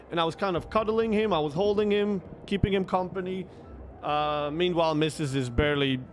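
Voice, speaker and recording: A young man casually telling a long, animated story, swearing freely and restarting his sentences. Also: a little high. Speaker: streamer telling stories.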